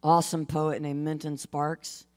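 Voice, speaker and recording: A woman's voice: sits low, flat delivery, unhurried, a little mellow, slight background noise. A woman musician bantering playfully onstage, joking and laughing easily. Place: live concert stage.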